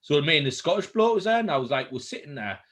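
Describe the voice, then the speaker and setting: A man's voice: on the high side, big pitch swings, quick pace, a bit bright. A man, co-hosting a casual chat over drinks and telling laid-back, sweary anecdotes. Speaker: co-host.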